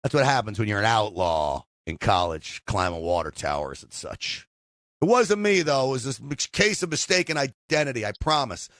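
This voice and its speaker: Animated, jokey male talk radio host. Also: mid-range voice, moderate pace, no echo, studio quality. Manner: jokey, boastful, animated asides. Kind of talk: casual call-in talk show monologue.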